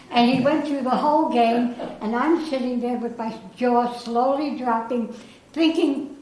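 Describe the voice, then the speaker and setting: A woman's voice: on the high side, fairly even intonation, unhurried, mellow, slight background noise. Older woman telling stories in an echoey room. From Germany. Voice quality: slightly slurred from dental work. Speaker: guest speaker presenting prizes. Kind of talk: storytelling speech. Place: chess club reception room. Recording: echoey room, faint ambience.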